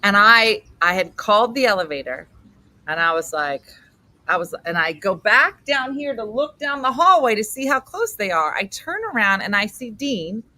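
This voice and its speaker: A middle-aged woman hosting a morning comedy show, telling a story with animated acted-out voices. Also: mid-range voice, moderate pace, dry recording. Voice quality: animated, acts out voices in stories.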